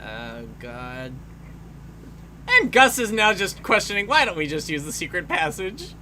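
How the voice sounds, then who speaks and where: A man's voice: high voice, big pitch swings, a little slow, sharp tone, slight background noise. A man giving casual film commentary, swearing freely and laughing often.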